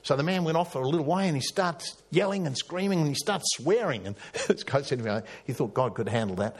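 A man preaching a sermon, telling a story with emphatic rises and hushed drops. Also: on the high side, lively intonation, fairly quick. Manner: storytelling, rising to emphatic peaks and dropping to hushed tones.

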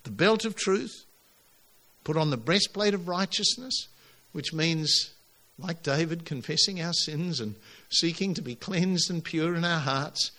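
A male pastor preaches with a bright, forceful tone pitched somewhat high. He drives his points home emphatically, lifting his voice on the big declarations. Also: measured pace. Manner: emphatic, animated preaching with rising exclamations. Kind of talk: sermon.

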